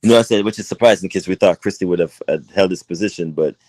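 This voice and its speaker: Low-voiced relaxed male co-host. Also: fast talker, no echo, low-quality recording. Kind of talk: casual political chat.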